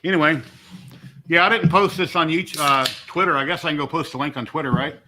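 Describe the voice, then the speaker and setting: Bright-voiced easygoing middle-aged man. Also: fairly high pitch, quick pace, a little hiss or hum. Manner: rambling, easygoing, chatty. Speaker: livestream host. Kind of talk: casual live-stream chat. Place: home.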